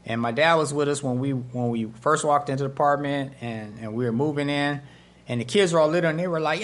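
A man with a rather high voice preaches a bit fast, giving a storytelling sermon as pastor. He animatedly acts out each character's voice.

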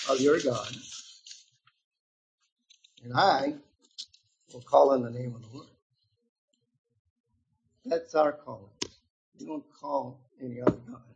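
A man in his seventies preaching a sermon, reading scripture aloud with loud emphatic stretches and quiet, low asides to his listeners. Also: takes it slowly, creaky, long pauses, dull audio, slight background noise. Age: 70s.

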